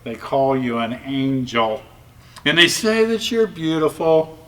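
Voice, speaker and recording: Shy sad storybook piglet girl, polite and plaintive, lively pitch, read by a man, slightly distant mic. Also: a little slow. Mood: modest. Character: sad self-conscious young female pig.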